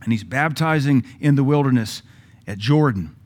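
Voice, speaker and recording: A man's voice: mid-range voice, animated, normal speed, a little mellow. Blunt sarcastic Southern preacher man. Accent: Southern American. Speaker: pastor. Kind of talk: sermon.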